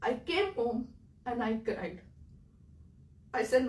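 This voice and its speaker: A woman's voice: fairly high pitch, lively intonation, slow pace, long pauses, roomy sound, recorded from a distance, poor audio. Earnest Indian woman telling a story. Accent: Indian English. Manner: earnest and emotional, swinging between loud and quiet. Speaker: speaker telling her own story. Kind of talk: personal storytelling talk.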